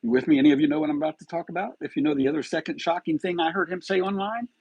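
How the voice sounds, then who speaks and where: A man's voice: on the high side, fairly even intonation, very fast, darkish tone, husky, no room sound, dull audio. A man hosting a live stream of true-crime commentary, agitated and firing rhetorical questions.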